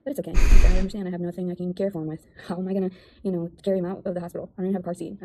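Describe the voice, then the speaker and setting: A woman's voice: fairly low pitch, flat delivery, racing, noisy background. A woman talking in a rambling, defensive monologue about her life and critics. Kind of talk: casual video monologue.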